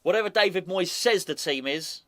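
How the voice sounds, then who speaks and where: Rambling, animated man chatting about football. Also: high-pitched, normal speed. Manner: rambling, animated, repeats himself. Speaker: podcast host. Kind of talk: casual football chat.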